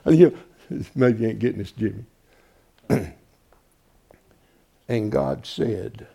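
Gravelly preacher, hushed to shouting. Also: male voice, mid-range voice, animated, unhurried, pauses often. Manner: folksy, swings from hushed to shouting. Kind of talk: sermon.

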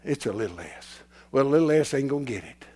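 A man preaching a sermon in a folksy, repetitive way, swinging from hushed whispers to shouts as his voice gives out. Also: mid-range voice, lively intonation, fairly quick. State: losing his voice.

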